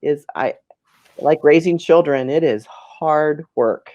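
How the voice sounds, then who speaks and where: A woman's voice: deep voice, slow, warm tone, no echo, lo-fi sound. A woman in her fifties telling a personal story as an interview guest, earnest and emotional, often repeating her words.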